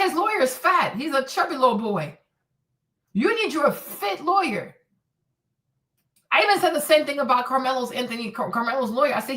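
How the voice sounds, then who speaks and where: Profane, animated woman ranting into a mic. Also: sits high, recorded from a distance. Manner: blunt, profane and animated, acts out quotes. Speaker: streamer and commentator. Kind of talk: casual commentary rant.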